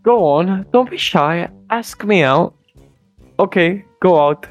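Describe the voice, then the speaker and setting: A podcast co-host delivering one-liners in a dry, deadpan way. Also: mid-range voice, takes it slowly, faint music behind. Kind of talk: casual podcast chat.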